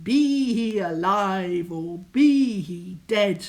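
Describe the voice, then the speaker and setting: A woman booming as a huge angry giant. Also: expressive. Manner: booming, chanting slowly and loudly.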